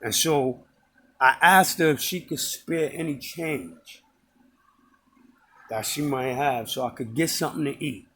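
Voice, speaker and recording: A man's voice: mid-range voice, unhurried, long pauses, fairly bright tone, a little hiss or hum. A man telling a personal story in a casual, rambling way, often stopping to correct and repeat himself. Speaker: storyteller recounting a personal encounter.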